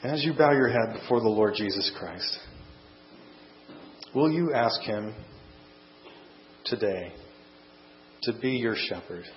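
A man preaching a sermon and closing in prayer, earnest and measured, speaking in short phrases. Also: on the low side, animated, echoey room. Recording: dull lo-fi sound with faint mains hum.

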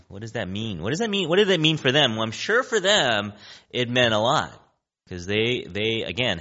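A man's voice: medium pitch, sharp tone, highs cut off. A male pastor preaching a sermon in a conversational way, often checking in with listeners by asking "right?".

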